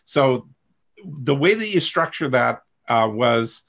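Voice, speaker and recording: Gravelly husky male coach. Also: medium pitch, expressive, slow, fairly bright tone. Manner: candid, rambling, self-deprecating humor. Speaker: coach and host. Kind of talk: coaching talk to a group.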